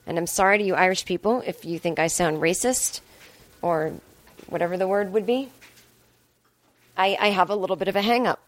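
A woman talks alone into a close mic in a rambling, offhand way, tossing in swear words and jokes at her own expense. Her voice sits a little low for a woman. The sound is dry, with almost no room around it. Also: brisk, pauses often, no echo. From Boston area, US. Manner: rambling, chatty, self-deprecating, swears freely. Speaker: podcast host. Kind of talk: casual solo monologue.

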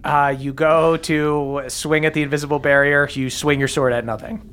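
A man's voice: a little high, flat delivery, moderate pace, fairly bright tone, a little hiss or hum. A man narrating as game master of a tabletop game, often laughing as he describes what happens.

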